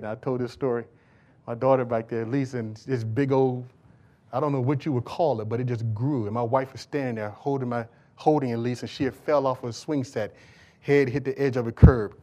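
A middle-aged man preaching a sermon as pastor in a church, shifting from calm storytelling to loud, rising shouts. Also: mid-range voice. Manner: animated storytelling with acted quotes.

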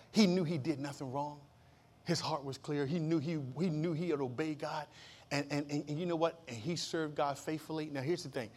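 A male pastor preaching a sermon, calling out for amens and swinging from loud outbursts to low hushed asides. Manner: repeats and restarts phrases, calls for amen.

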